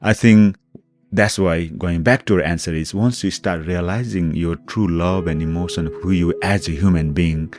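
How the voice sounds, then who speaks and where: Very deep-voiced Nepali-accented man. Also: fairly even intonation, music in the background. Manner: earnest, halting non-native English with many "you know" fillers. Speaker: guest, former special forces soldier. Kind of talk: reflective interview answers.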